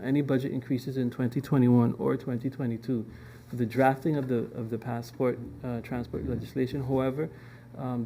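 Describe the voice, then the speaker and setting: A man from a government department giving a formal presentation to a parliamentary committee, measured and full of ums and restarts. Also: mid-range voice, dark tone, slight background noise.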